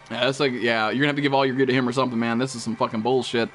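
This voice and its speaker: A young man streaming a survival game, talking casually in heavy slang and swearing, sometimes breaking into panicked yelling. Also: medium pitch. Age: teens. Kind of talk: casual gameplay commentary. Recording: game music behind the voice.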